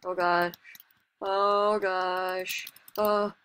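Bright-voiced excitable woman gaming. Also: on the low side, drawn-out words, clean tone. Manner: excitable, chatty, self-mocking, with sudden exclamations. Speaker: gaming channel host. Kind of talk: casual gameplay commentary.

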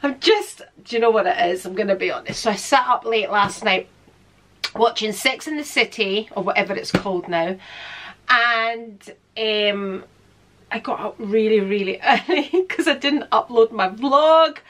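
A woman's voice: a little high, moderate pace, fairly bright tone. Chatty woman vlogging at home. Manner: chatty, laughs often, talks with food in mouth. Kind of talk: casual chat to camera. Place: at home in her room.

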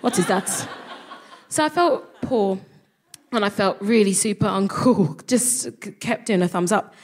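A woman's voice: mid-range voice, lively intonation, measured pace, darkish tone, slight background noise. A woman telling a self-mocking comic story on stage, acting out the voices of the people in it. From England. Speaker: comedy podcast co-host. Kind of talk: stand-up storytelling before a live audience. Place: live venue stage.

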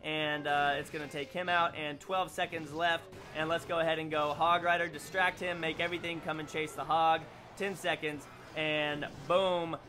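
A young man giving excitable live commentary on his own gameplay as a gaming video host, exclaiming and groaning at each turn. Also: on the high side, moderate pace, hardly any pauses, soft background music. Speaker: gaming YouTuber.

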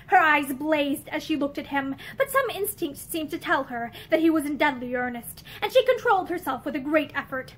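A woman reading a novel aloud in a measured, expressive storytelling manner. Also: sits high. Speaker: reader. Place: indoor room with bookshelves.

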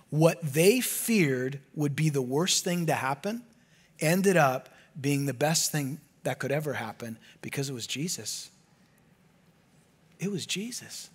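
A man preaching a sermon as pastor, animated and often dropping to a hushed low voice for emphasis. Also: breathy edge.

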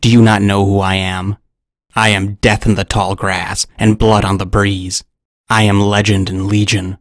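A man's voice: on the low side, little pitch movement, moderate pace, no room sound, studio quality, natural voice. A man growling as a furious man-eating lion. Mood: menacing. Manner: gruff, menacing growl. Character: angry vengeful male man-eating lion.

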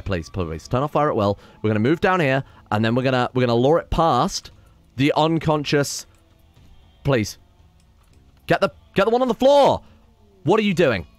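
A man giving casual, excitable let's-play commentary, swearing and talking to the characters he controls. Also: medium pitch, dry recording. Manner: excitable, swears, talks to his colonists. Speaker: gaming channel host.

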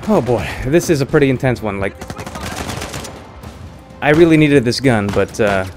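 A young man giving lively let's-play commentary, exclaiming and laughing often as he plays a shooter game. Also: mid-range voice, normal speed. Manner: excitable, frequent exclamations and laughs. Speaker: gamer. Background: game music and gunfire.

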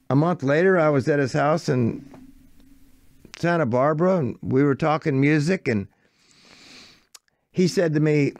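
Older american guy spinning a long story, gravelly voice, dry close sound. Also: mid-range voice, no echo. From United States. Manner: animated anecdote, quoting others in shifting voices. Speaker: songwriter guest. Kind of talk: casual storytelling.

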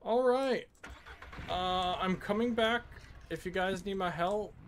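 A woman's voice: mid-range voice, takes it slowly, a little hiss or hum. A woman gamer chatting in a playful, teasing way during co-op play. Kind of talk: casual co-op gameplay chat.

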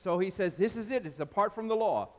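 Male pastor, high lively voice, energetic sermon, long hall reverb. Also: quick pace. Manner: animated preaching, calls out to the congregation. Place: large church hall.

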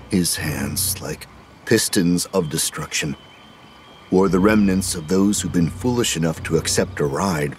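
A man narrating a horror audio drama in a measured, grave manner. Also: sits low, slight background noise.

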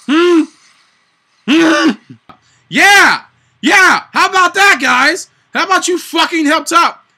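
A man giving live gameplay commentary, excitable and panicky, swearing constantly and shouting in sudden bursts. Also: extremely high pitch. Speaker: gaming channel host.

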